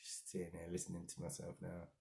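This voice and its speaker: Deep-voiced man musing aloud. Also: monotone, creaky, warm tone. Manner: rambling and halting, with frequent restarts. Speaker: daily vlogger. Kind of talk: casual self-reflective monologue.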